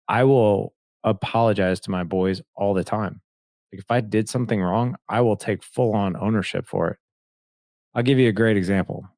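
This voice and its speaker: A man's voice: on the low side, vocal fry, a little mellow, no room sound, studio quality. A man in his forties, a podcast guest, telling personal stories in an earnest, candid way. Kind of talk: conversational interview storytelling.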